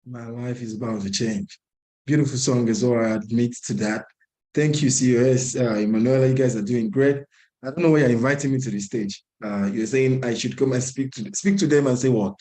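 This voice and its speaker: A man's voice: medium pitch, fairly even intonation, fairly quick, dark tone, rough recording. A man who is president of the group, giving a motivational address at an online meeting and repeating lines for emphasis. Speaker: organization president. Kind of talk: motivational address on a video call.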